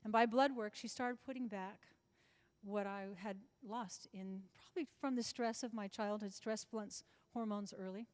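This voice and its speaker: At a moderate pace and medium pitch, with fairly even intonation, a woman in her seventies tells long anecdotes as an interview guest. Chatty and prone to frequent restarts, she speaks before an audience in a large club function room, where the sound reverberates.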